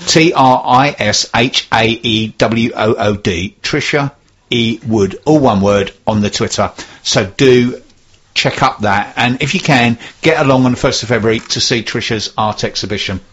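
A man's voice: medium pitch, normal speed, fairly bright tone, husky. A man hosting a radio show, reading listener messages with dry, wry banter. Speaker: radio host. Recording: dull lo-fi radio sound.

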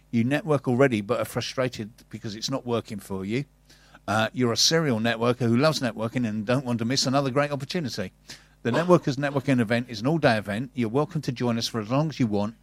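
A man's voice: medium pitch, no room sound. Guy hosting a radio show, upbeat, reads event plugs, dry studio sound. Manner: upbeat, enthusiastic plugging. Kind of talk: casual radio chat and read-out announcements. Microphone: studio mic.

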